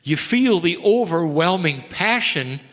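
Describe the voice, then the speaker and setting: A man giving a slow, gentle spiritual channeling talk, addressing listeners as dear ones. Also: high voice, expressive. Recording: long hall reverb.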